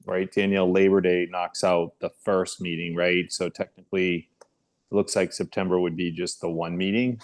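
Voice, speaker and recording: Very deep-voiced man in a meeting. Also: flat delivery, normal speed. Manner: friendly, joking, trailing questions. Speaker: commission member. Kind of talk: casual meeting talk. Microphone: video call.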